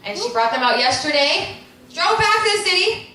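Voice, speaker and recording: A woman's voice: very high-pitched, big pitch swings, normal speed, sharp tone. A young adult woman giving a heartfelt wedding thank-you speech, with frequent ums and small laughs. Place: large wedding reception hall with guests. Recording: very echoey, distant, noisy crowd. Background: murmuring wedding guests.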